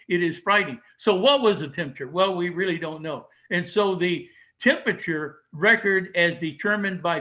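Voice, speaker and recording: An older man speaking to an audience in a high, bright voice. He talks emphatically and argumentatively, posing questions and knocking them down himself. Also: low-quality recording. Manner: emphatic, argumentative, asks and answers his own questions. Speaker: speaker giving a talk. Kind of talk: public speech to an audience.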